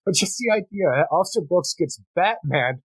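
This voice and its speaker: A man co-hosting a comics podcast in casual chat, dropping wry deadpan jokes. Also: sits high, normal speed, breathy edge, no echo, poor audio. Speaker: podcast co-host.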